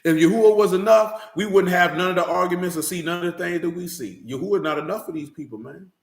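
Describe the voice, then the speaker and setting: A man preaching a street-style sermon, heated and profane, often building to shouts. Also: high-pitched, fast, roomy sound.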